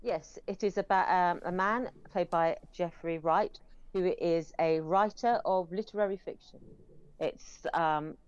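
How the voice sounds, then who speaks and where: A woman's voice: on the low side, measured pace, smooth, dry recording. Chatty woman, dull dry sound. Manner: chatty, rambling, many fillers. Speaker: film reviewer. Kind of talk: casual chat.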